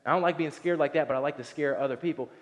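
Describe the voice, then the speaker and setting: A man in his thirties preaches in a loose, conversational style and slips into voices as he tells the story. His voice sits a little high for a man. A long reverb trails each phrase, as if he is recording in a large hall. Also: very fast. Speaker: pastor. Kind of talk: sermon.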